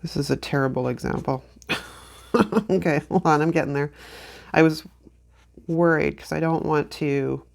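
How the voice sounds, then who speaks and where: Woman, deep voice, gravelly, chatty craft tutorial host. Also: fairly even intonation, moderate pace, pauses often. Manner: chatty, rambling, self-deprecating. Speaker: planner channel host. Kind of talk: casual craft tutorial chat.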